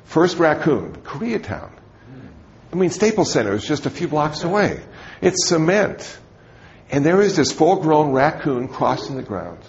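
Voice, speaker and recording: Gravelly man giving a humorous dharma talk. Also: a little high, sing-song, unhurried, highs cut off. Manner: conversational, humorous storytelling. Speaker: Buddhist teacher.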